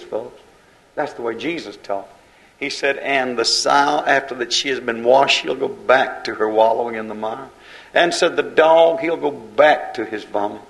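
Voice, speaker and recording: A preacher with a rough, gravelly voice delivers a fiery sermon in a hammering, repetitive cadence. His voice sits at an ordinary pitch for a man. He swings from loud, driving lines to low, hushed asides. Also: low-quality recording.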